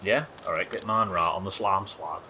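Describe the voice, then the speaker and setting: Deep-voiced British man streaming a game. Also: normal speed, pushed and bright, slight background noise, rough recording. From United Kingdom. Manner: chatty, joking, swearing. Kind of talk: casual gameplay commentary.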